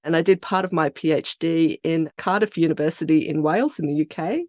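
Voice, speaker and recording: An Australian woman with an Australian accent, founder of a biotech company, talks through her research and career in a relaxed, chatty podcast interview. Her voice is deep and fairly quick, and the studio-quality audio has no room sound.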